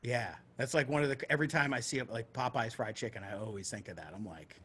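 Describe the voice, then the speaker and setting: A man's voice: medium pitch, fast, sharp tone, a little hiss or hum. A man co-hosting a podcast who tells a long story casually, swearing freely and acting out the voices of the people in it. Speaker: podcast co-host.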